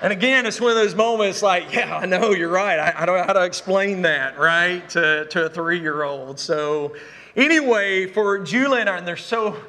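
Speaking at normal speed in a high, sharp voice, a middle-aged man delivers a sermon full of funny family stories and Southern "y'all." The church sanctuary echoes around him.

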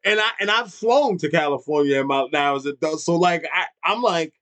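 A man's voice: fairly high pitch, expressive, fairly quick, fairly bright tone. A man in his thirties telling a funny childhood story in casual chat, swearing freely and laughing often. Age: 30s.

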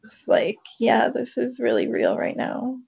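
A woman co-hosts a podcast in casual chat, speaking reflectively and using lots of fillers. Her voice is a little high and husky, with vocal fry and a darkish tone, at a measured pace, recorded on a dull lo-fi mic.

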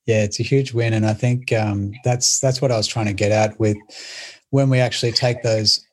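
A man hosting a casual video-call chat, speaking with pauses and restarts as he works out his thoughts. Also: on the low side, steady tone.

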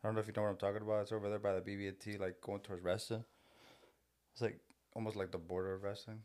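A man's voice: lowish voice, level tone, rapid-fire, a little mellow. A young man joining a casual podcast chat, rambling and hesitant as he explains things.

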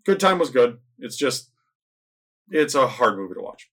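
A man talks loosely about films with friends, rambling through plots and slipping into quick acted-out lines. His voice sits in an ordinary middle pitch for a man. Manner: rambling, animated retelling of plots, acts out lines. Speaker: podcast co-host reviewing movies. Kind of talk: casual chat.

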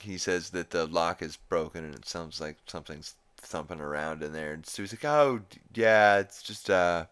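In a low-pitched, slightly bright and clean voice, a male podcast host rambles through a recap of a cartoon episode. He swears often and quotes the characters in a casual way.

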